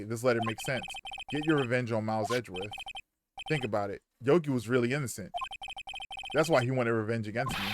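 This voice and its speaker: A man's voice: medium pitch, fairly quick, background noise. A man streaming live, dramatically reading game dialogue aloud with casual cursing asides.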